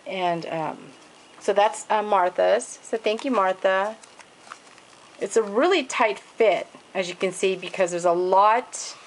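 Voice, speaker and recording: A woman at home holds up craft pages one by one and gushes over every detail, with lots of "um" and "and then". Her voice sits at an ordinary middle pitch. A faint hiss of noise runs under the recording. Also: poor audio. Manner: gushing, many fillers and "and then". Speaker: craft vlogger showing swap pages. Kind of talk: casual show-and-tell.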